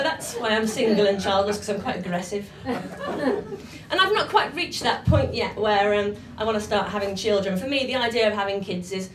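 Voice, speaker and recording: A woman's voice: mid-range voice, a bit bright, slight background noise. A woman doing live stand-up comedy and performance poetry in a bawdy, punchy manner. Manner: brash, bawdy, punchy delivery. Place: comedy club stage. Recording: echoey live room from far off.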